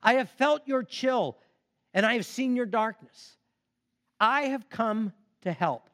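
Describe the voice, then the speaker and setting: A man voicing a calm, patient male stranger who brings fire, speaking gently and invitingly. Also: very high voice, slow pace, voice pushed up, exaggerated voice. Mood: gently urgent.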